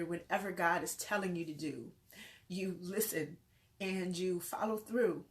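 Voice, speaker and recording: A woman life coach giving an earnest, faith-filled motivational talk to camera, repeating phrases in rolling lists. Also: fairly low pitch. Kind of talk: motivational vlog.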